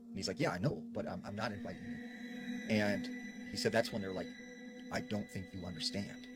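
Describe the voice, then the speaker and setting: A man's voice: low voice, big pitch swings, brisk. A man telling a paranormal encounter story, acting out the quoted lines of the people in it. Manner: acts out quoted dialogue while retelling. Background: background music.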